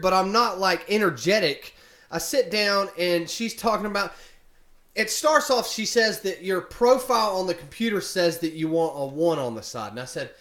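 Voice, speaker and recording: A man's voice: high voice, fairly bright tone. A young man telling a story to camera in a rambling, casual way, full of fillers. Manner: rambling, filler-heavy retelling of a complaint. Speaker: vlogger. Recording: echoey room.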